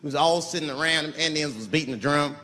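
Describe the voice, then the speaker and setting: On a large live stage, a male stand-up comedian tells a profane story with swagger, his volume jumping between loud and quiet. He speaks fast in a fairly high voice, and the recording carries long reverb and audience noise.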